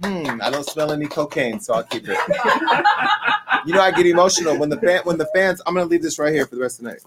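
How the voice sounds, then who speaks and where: A man's voice: on the high side, animated, racing, heavy background noise. A man hosting a live-streamed show, talking in brash, profane, rambling banter with his audience and crew. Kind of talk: casual live-stream talk.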